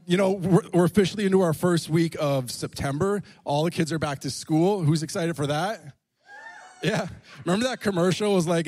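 A young adult man preaching in a church, telling jokey stories in a playful way. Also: high-pitched. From Canada. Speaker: pastor. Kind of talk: lively sermon with humor.

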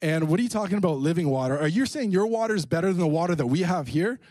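A male preacher voicing a skeptical, defensive Samaritan woman, firing quick indignant questions in his own voice. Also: sits high, expressive, a little mellow, no echo.

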